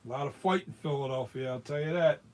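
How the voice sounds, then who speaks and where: This American man talks fast in a fairly high, darkish voice while demonstrating mask making in a workshop. His hands-on tutorial is casual chat that rambles, with many restarts.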